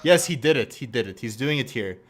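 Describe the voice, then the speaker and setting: Man, livestreamer, casual chat, animated delivery, jokey. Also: medium pitch, a little fast, over music. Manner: animated, joking, reacts to clips. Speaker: streamer.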